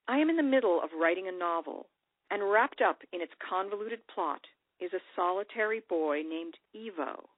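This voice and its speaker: A woman author reading her own personal essay aloud in a measured, reflective way. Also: on the low side, dry recording. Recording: dry, tinny radio broadcast audio.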